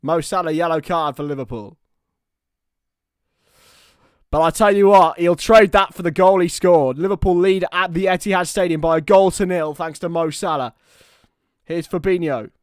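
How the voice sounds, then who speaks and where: A young man giving live partisan football commentary on a watchalong stream, excitable and prone to shouting. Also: fairly high pitch, moderate pace, clean tone, dry recording, clean studio sound.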